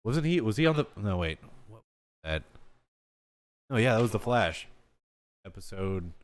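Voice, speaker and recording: Rambling young man, low voice. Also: big pitch swings, normal speed, a little hiss or hum. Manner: rambling, profane, laughs often. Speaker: podcast host. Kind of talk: casual chat.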